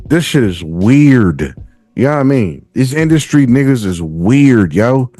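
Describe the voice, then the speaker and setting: A man hosting a podcast, talking casually in slangy, profane language and reacting with animated bursts. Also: medium pitch, a little slow, no echo. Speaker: podcast host. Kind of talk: casual commentary.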